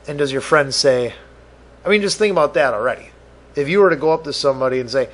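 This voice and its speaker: A man's voice: mid-range voice, sing-song, fairly quick, fairly bright tone. A man hosting a podcast, ranting profanely and exasperated, acting out both sides of imagined conversations. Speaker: podcast host. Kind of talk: solo rant podcast.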